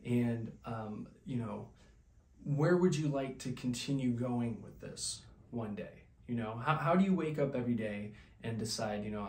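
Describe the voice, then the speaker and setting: A man hosting a comedy podcast sketch who rambles through his questions with stammers and lots of ums. His voice sits at a middle pitch. The room around him rings with echo. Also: a little slow. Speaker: podcast host.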